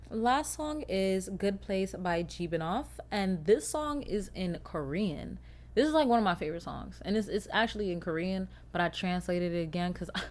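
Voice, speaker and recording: A young woman hosting a casual solo podcast, swearing freely and swinging from loud rants to quiet mumbles. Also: mid-range voice, expressive, unhurried. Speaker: podcast host.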